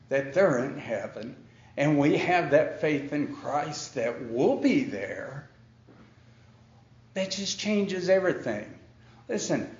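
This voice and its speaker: A man preaching a sermon with slow, emphatic delivery and dramatic pauses, now and then acting out his opponents in a high, incredulous voice. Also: a little mellow, reverberant, muffled recording. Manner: acts out the Pharisees in a high, incredulous voice. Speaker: pastor.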